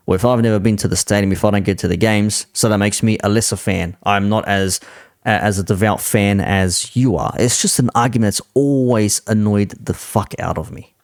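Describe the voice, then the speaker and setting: A man's voice: lowish voice, a little fast, vocal fry, dry recording, studio quality. A man hosting a reaction commentary, talking in an exasperated, casually swearing way. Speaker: commentary channel host.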